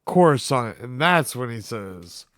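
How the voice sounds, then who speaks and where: A man's voice: on the high side, expressive, unhurried, a bit bright, no echo, studio quality. A man co-hosting a casual fan podcast, joking and teasing in a laid-back way. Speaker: podcast co-host.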